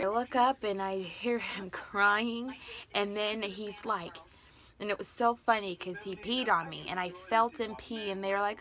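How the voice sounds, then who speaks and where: A woman's voice: mid-range voice, steady tone, normal speed, pushed and bright. A young adult woman vlogger telling a personal story to camera in a casual, chatty way, full of "like" fillers.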